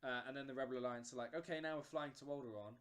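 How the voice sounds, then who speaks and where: A man's voice: medium pitch, racing. A man casually telling a long story on a podcast, with many fillers and restarts. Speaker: podcast host. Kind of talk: casual chat.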